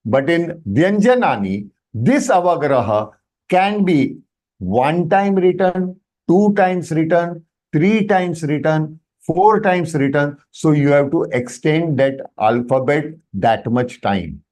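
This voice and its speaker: This Sanskrit teacher, who has an Indian English accent, runs an online workshop lesson over video call, explaining and asking students questions while slipping Hindi into his English. His voice is on the high side and darkish, with lively intonation and a slow pace.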